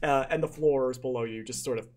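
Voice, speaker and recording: A man's voice: medium pitch, a little mellow. Man running a tabletop game. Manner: halting, filler-heavy improvised narration. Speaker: game master.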